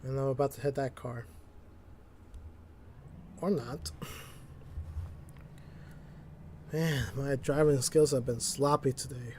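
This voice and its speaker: A man's voice: mid-range voice, fairly even intonation, slow, long pauses, darkish tone, a little hiss or hum. A man streaming a driving game, rambling and mocking himself, laughing often at his own mistakes, talking into a desk mic. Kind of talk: casual gameplay commentary.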